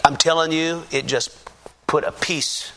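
A man, a pastor, giving a lively testimony sermon to a congregation in a church, acting out the voices of the people in his story. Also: on the high side, unhurried. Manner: animated storyteller, acts out quoted voices.

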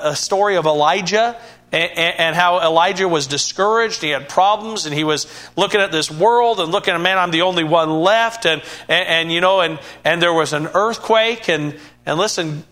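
A man's voice: fairly high pitch, bright, forceful tone. A man preaching a sermon in an earnest way, often repeating and restarting words and rising to emphatic bursts.

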